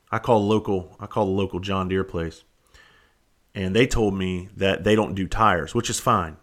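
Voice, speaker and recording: A man's voice: sits low, fairly bright tone. A man telling a long story about a farm mishap in a blunt, profane, heated way, acting out both sides of his phone calls. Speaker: vlogger. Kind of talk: casual ranting story.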